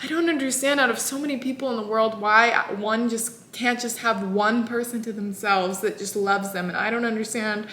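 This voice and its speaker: A woman's voice: on the high side, fairly even intonation, normal speed, few pauses, fairly bright tone, natural voice. A woman voicing a meek young wife who longs to be loved. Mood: plaintive. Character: meek, lovelorn young wife longing for love. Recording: echoey room.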